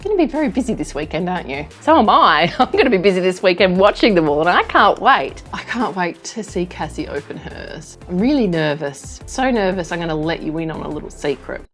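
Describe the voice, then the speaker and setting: A woman's voice: lowish voice, big pitch swings, a little fast, few pauses, soft background music. A woman with an Australian accent, narrating her craft vlog in a gushing, effusive way as the channel's host. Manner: gushing, effusive and warm-hearted.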